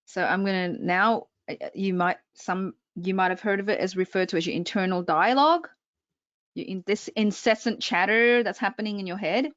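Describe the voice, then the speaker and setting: A woman's voice: mid-range voice, moderate pace, no room sound, muffled recording. A woman public speaking coach presenting an online workshop, talking straight to her audience with frequent check-ins.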